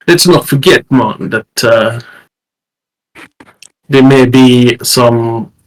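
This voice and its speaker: A man's voice: mid-range voice, fairly bright tone, rough recording. A man voicing a laid-back male agent on a starship in a put-on Jamaican accent, tagging his sentences with "man". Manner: drawls and tags sentences with "man".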